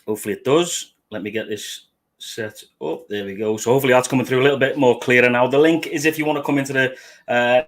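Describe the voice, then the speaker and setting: British man, livestream host, casual banter, average pitch. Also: fast talker, fairly bright tone. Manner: sweary, jokey, fiddling with his setup while talking. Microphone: webcam setup at a desk.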